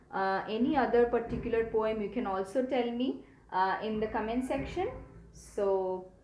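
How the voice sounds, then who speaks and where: A woman's voice: a little high, a little mellow. A woman, patiently explaining a poem in a recorded lecture, with many hesitant fillers. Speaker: literature teacher. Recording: echoey room with faint hum.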